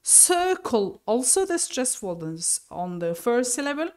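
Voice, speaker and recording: Slow, lively-pitched woman teaching English. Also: clean tone. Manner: slow and deliberate, spelling out each word with self-corrections. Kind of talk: recorded lesson explanation.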